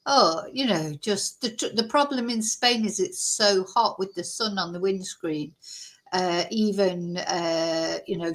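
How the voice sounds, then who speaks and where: Chatty woman hosting a vlog. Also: mid-range voice. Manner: rambling and animated, with many asides. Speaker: true crime channel host.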